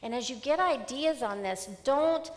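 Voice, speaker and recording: A middle-aged woman giving an emphatic, animated motivational seminar talk. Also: high-pitched, unhurried. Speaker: seminar speaker. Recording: long hall reverb.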